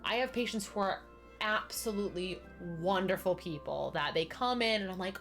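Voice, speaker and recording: A young woman chatting casually on a game stream, telling lively stories and acting out the people in them. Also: normal speed, soft background music. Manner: chatty storyteller, acts out quoted people with big pitch jumps. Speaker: streamer chatting while playing.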